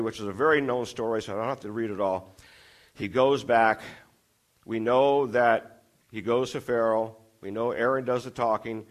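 A man preaching a sermon, retelling a story with lively acted-out dialogue and climbing intensity. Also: medium pitch. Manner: animated storytelling, acting out dialogue with rising intensity.

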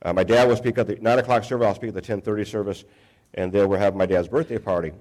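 Older male pastor, low voice, chatty sermon delivery with restarts. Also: fairly even intonation, fast, a little mellow. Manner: conversational, self-deprecating, frequent restarts.

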